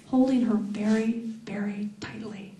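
An intense young man speaks low, breathy and commanding, as a woman reads him. The mellow voice comes from afar, wrapped in an echoey room. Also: fairly even intonation, a little slow, far from the mic, close to an everyday voice. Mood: whispered. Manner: breathy, hushed.

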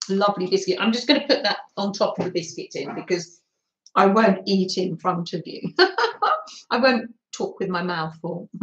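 A woman's voice: mid-range voice, sing-song, a little slow, fairly bright tone, muffled recording. A middle-aged British woman hosting a live art stream, chatting casually with viewers and laughing often. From Britain. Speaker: livestream art host. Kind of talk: casual livestream chat. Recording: roomy echo.

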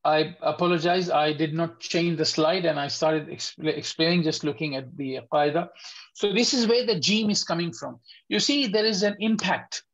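A man's voice: on the high side, a bit bright, poor audio. Patient man teaching letter sounds. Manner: patient, repeats sounds slowly, asks if it is clear. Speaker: Quran recitation teacher. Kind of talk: online tajweed lesson.

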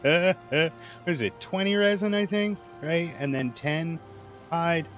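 A man's voice: on the high side, slow, a bit bright, faint music behind. A man streaming a game live, commenting casually as he plays and grumbling and swearing when things go wrong.

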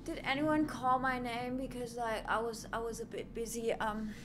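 A woman's voice: a little high, little pitch movement, moderate pace, noisy background. A woman streaming a game live, chatting playfully with her viewers and laughing often at her own jokes. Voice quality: giggly, playful, self-mocking. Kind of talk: live gameplay commentary.

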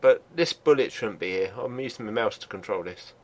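An older man hosting his own gaming channel, giving casual commentary while he plays at his home computer, chatty and quick to laugh. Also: fairly low pitch, lively intonation. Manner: chatty and laughs easily, gets loud and sweary in action.

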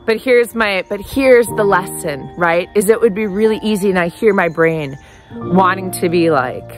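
Earnest woman over background music. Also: lowish voice. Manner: earnest, repeats "right?", quotes her own thoughts; slows to a soft guided meditation. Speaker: self-help speaker. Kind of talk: motivational talk with guided breathing.

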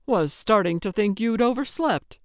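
A woman's voice: medium pitch, animated, moderate pace, no echo, voice pushed up, lightly acted. A woman voicing a grumpy older man who grumbles and complains in a dry way. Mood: grumbling.

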